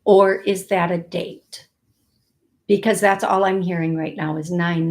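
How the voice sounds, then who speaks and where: A woman hosting a live psychic reading, speaking in a halting way, repeating words and thinking aloud, soft-spoken and emotional. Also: on the low side, fairly even intonation. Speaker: psychic medium host.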